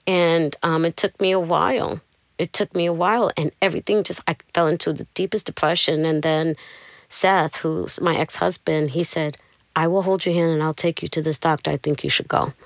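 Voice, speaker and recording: A middle-aged woman telling her personal story in an interview, animated and acting out the people she quotes. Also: deep voice, moderate pace, dry recording. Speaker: interview guest.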